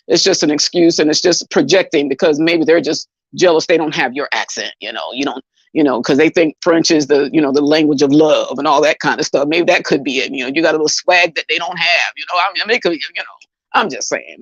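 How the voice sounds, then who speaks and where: A middle-aged man speaks as a guest in a relaxed online discussion, his voice sitting a little high. He tells stories easily and repeats himself to drive points home. The sound is dry and slightly muffled, like a call line. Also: no echo. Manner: easygoing, storytelling, repeats himself for emphasis. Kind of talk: casual livestream discussion.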